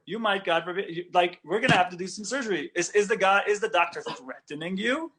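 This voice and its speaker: A man, a rabbi, giving an animated Torah lecture, talking conversationally and often checking in with "right?". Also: sits high, brisk, hardly any pauses. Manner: conversational, with frequent "right?" check-ins and restarts.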